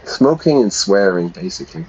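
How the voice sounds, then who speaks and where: Low-voiced man explaining game words. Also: big pitch swings, moderate pace, a little mellow, husky. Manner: explains words, chatty, asks viewers. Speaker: English teacher streaming a game. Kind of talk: casual game commentary for learners. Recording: dull, lo-fi sound.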